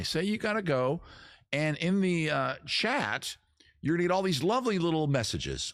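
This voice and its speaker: A man's voice: medium pitch, big pitch swings, unhurried, fairly bright tone, no echo, clean studio sound. A man hosting his own live stream, chatting casually to viewers with jokey, self-mocking asides. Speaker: streamer host.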